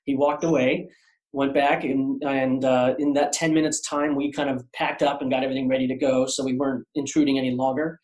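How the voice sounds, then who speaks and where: A man's voice: medium pitch, little pitch movement, fairly quick, darkish tone. A man telling a long story as an artist guest on a podcast, rambling with many fillers and restarts. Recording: roomy echo.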